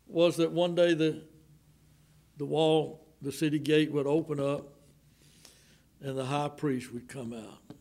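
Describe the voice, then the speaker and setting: A Southern American man preaching in a church, his voice pitched fairly high and his delivery slow and drawn out. He rises to loud outbursts and drops to hushed, slowed lines as he drives his points home. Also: steady tone. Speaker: pastor. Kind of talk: sermon. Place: church sanctuary.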